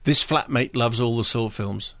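A man's voice: mid-range voice, normal speed, a bit bright. A man co-hosting a radio film show, reading listener messages with dry, wry jokes.

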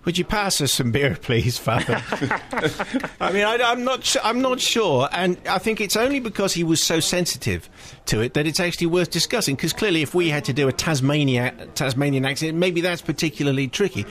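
A man's voice: fairly high pitch, expressive, brisk, fairly bright tone. A man hosting a radio show, introducing a clip and reading a listener's email in a dry, wry way. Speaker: radio host. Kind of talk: casual radio chat.

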